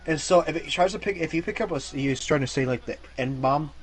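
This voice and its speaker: A man's voice: a little high, brisk, poor audio. A man streaming games, telling rambling, profane stories in casual chat. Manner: rambling, profane storytelling with restarts.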